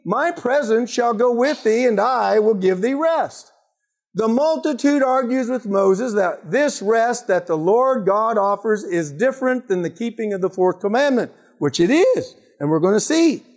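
A man preaching a sermon, often questioning his listeners and slowing down for emphatic scripture quotes. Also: extremely high pitch, darkish tone. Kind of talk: sermon teaching.

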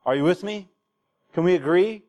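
A man's voice: sits high, normal speed, a little mellow, lo-fi sound. Preaching man in a reverberant hall. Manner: exhorting, asks the congregation for replies. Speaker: pastor. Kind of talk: sermon. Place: church hall. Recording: long reverb of a church hall.

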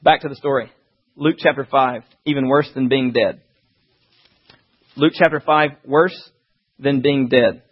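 A man preaching a sermon, reading scripture and talking fast with animated asides. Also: mid-range voice, breathy edge, lo-fi sound.

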